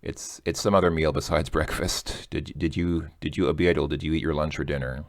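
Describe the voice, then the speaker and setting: Very deep-voiced man teaching casually. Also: steady tone, fairly quick, no room sound, studio quality. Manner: chatty, joking, thinking aloud. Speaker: language teacher. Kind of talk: casual explaining lesson.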